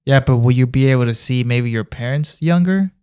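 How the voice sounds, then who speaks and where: A man's voice: medium pitch, fairly quick, darkish tone, clear, resonant tone. A man in a casual podcast chat who speaks in a laid-back way, mostly with brief interjections.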